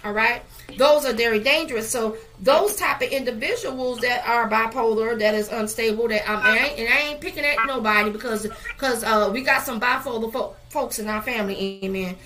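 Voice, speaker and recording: A woman's voice: a little high, fairly quick, sharp tone. A woman leading a Bible study, preaching fervently with frequent amens and hallelujahs and many fillers.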